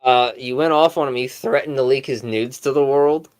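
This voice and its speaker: Smooth-voiced man doing sarcastic commentary. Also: mid-range voice, fairly even intonation, moderate pace, darkish tone. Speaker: commentary streamer. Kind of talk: reaction commentary.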